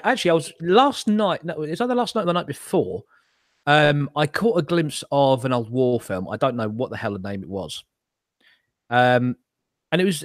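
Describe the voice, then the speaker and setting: A man's voice: mid-range voice, dry recording, clean studio sound. A man hosting a casual chat show over a video call, rambling, swearing and laughing at his own jokes. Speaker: host.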